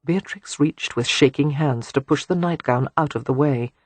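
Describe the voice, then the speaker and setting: Audiobook narrator, soft hushed romance reading, husky tone, dry recording. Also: medium pitch, normal speed, no room sound.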